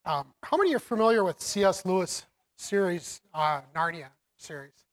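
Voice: medium pitch, animated, normal speed, poor audio. A preacher giving a sermon in a loose, rambling way, with many restarts and frequent laughter. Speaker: preacher teaching about the children's ministry.

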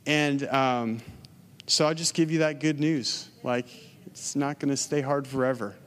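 A man's voice: mid-range voice, fairly even intonation, unhurried, a bit bright. Man, preacher, casual storytelling sermon, prayer, hall reverb. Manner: casual storytelling, many "like" fillers.

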